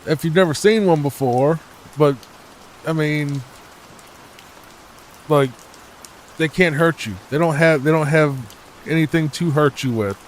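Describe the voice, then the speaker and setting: A man from the United States giving soft-spoken, rambling gameplay commentary meant for falling asleep, full of hesitations. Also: fairly high pitch, unhurried, long pauses, slight background noise. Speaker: gaming channel host.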